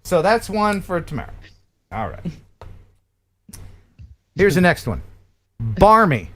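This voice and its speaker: Reading words aloud for a live-stream quiz, the American host laughs and chats his way through as an upbeat quizmaster. He speaks slowly, and his voice sits high.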